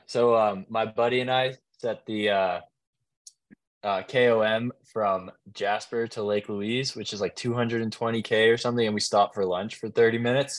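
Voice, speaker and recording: A man's voice: lowish voice, normal speed, no echo. A man hosting a podcast, upbeat and talkative in casual chat. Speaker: podcast host.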